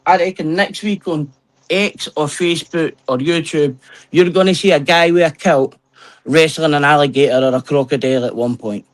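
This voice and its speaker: A man's voice: a little high, normal speed. A man from Scotland with a Scottish accent, bantering in casual chat, joking and swearing freely.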